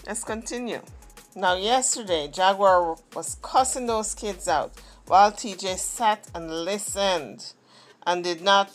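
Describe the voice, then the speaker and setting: A woman's voice: lowish voice, fairly bright tone. A woman hosting a channel, giving opinionated commentary on a family dispute. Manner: opinionated, emphatic. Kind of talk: gossip commentary.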